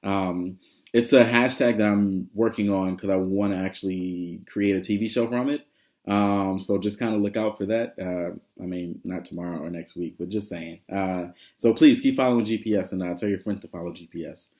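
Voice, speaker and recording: Guy rambling through a vlog update, laughs a lot, voice sits a bit low. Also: normal speed, a little mellow. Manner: chatty, rambling, many fillers, laughs often. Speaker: vlogger.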